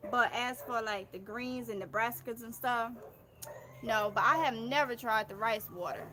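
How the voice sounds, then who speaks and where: Woman, 30s, Mississippi Southern accent, livestream chat, effusive, high-pitched, faint noise behind. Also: normal speed, bright, forceful tone. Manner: chatty and effusive, addresses viewers as y'all. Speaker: gardening livestream host. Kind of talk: casual livestream chat, reading viewer comments aloud.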